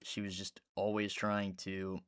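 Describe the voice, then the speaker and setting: A man with a low voice tells a meandering story while he plays a video game at his computer. He talks casually and rambles, now and then breaking into loud outbursts at the game. Faint keyboard clicks sit under his voice. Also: monotone, unhurried, a little hiss or hum. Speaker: gaming YouTuber.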